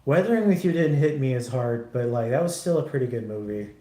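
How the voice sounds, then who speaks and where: A man's voice: medium pitch, animated, brisk, dark tone, reverberant. A man livestreaming while he builds a model kit, chatting casually in a rambling, profane way with lots of restarts.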